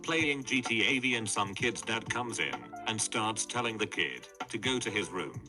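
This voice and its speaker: Low synthetic male narrator over music. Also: expressive, moderate pace. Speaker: narrator reading forum posts. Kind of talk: text-to-speech story reading. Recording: background music under voice.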